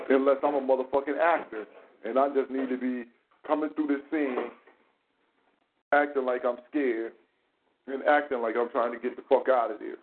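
A man hosting a casual commentary chat, animated and profane, full of rhetorical questions. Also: mid-range voice, slight background noise. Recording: tinny phone-like sound in an echoey room.

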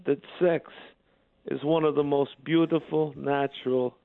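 A man putting on a soft-spoken, unhurried caller voice, gravelly and low-key. The joke lands flat and deadpan over a muffled, lo-fi phone line. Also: no room sound. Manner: slow, soft-spoken, deadpan one-liners.

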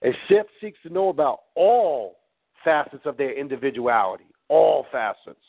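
A man lectures in a blunt, preachy way and swears freely. His voice sits at an ordinary pitch for a man. The sound is thin and tinny, like a phone line. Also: very animated, normal speed, gravelly, slightly rough. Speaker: host. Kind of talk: profane teaching talk.

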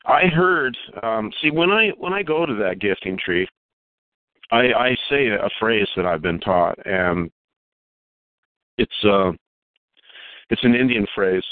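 Lowish man telling a story by phone. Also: expressive, no echo. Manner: halting, repeats words while recounting. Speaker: caller telling a Bigfoot encounter. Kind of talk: casual storytelling on a call. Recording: tinny dry phone line.

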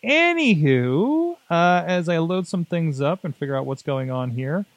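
A man with a slightly higher voice co-hosts a tech podcast in relaxed, rambling chat. He talks loosely with plenty of "uh"s and jokes. The recording is dry and close. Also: brisk, no room sound. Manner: rambling, jokey, many fillers. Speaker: podcast co-host.

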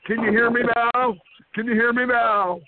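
A man's voice: extremely high pitch, fairly even intonation, normal speed. A man caller ranting with hostility on a group phone line, repeating chanted taunts over and over. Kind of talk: aggressive prank-call ranting.

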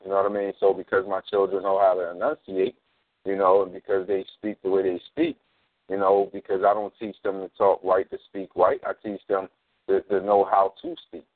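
A very deep-voiced man hosts a casual radio show. His talk is relaxed and he keeps checking in with "you know what I mean?". The sound is dry and thin, like a phone line. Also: a little fast, no room sound. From North Philadelphia.

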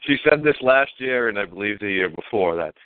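A male podcast co-host, worn out and rough-voiced, talking in a wry, drawling way. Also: lowish voice, animated, a little fast, a little hiss or hum. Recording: dry phone-like sound.

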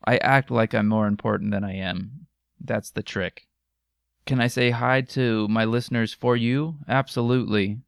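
A man's voice: medium pitch, steady tone, moderate pace, creaky, clean tone, no room sound, studio quality. A young American man hosting his own podcast, joking about himself in a casual chat. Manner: self-mocking, joking, laughs often. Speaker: podcast host. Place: home room with microphones. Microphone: studio microphone.

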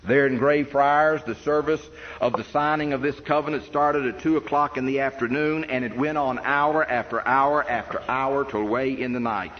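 A man's voice: medium pitch, steady tone, moderate pace. A man preaching an earnest history sermon to a congregation, emphatic and posing rhetorical questions. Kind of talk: sermon lecture on church history. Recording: dull reverberant hall recording with faint noise.

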